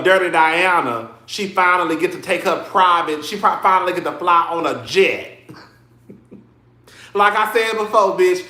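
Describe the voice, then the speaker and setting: A man's voice: high-pitched, sharp tone, echoey room. A man casually commenting on a reality show, sassy and dramatic, laughing often and calling his listeners girl.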